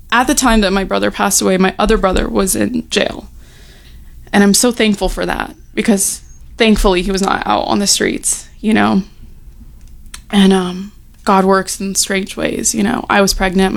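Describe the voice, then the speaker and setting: A young woman speaks openly about her own life, her mid-pitched voice catching in a gravelly fry. She talks in a frank, heartfelt way, leaning on "you know" and "like", and at times she sounds close to tears. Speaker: recovery storyteller. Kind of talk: personal testimony, casual.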